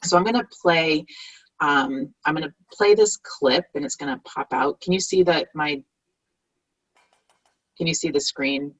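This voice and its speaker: A woman giving an online workshop talk as a community organizer, earnest and halting, with frequent pauses and restarts. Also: low voice, low-quality recording. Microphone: video call.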